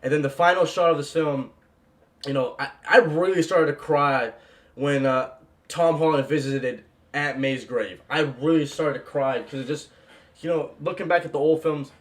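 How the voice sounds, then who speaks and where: A young man in an excited, casual movie reaction vlog, gushing and repeating "bro" and "man". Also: mid-range voice.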